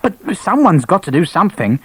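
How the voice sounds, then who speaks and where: A man's voice: sits high, sing-song, brisk, fairly bright tone, breathy edge, no echo, voice pushed up, heavily acted. A man voicing a bewildered, flustered young male captain who frets anxiously. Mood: fretful. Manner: anxious, fretful.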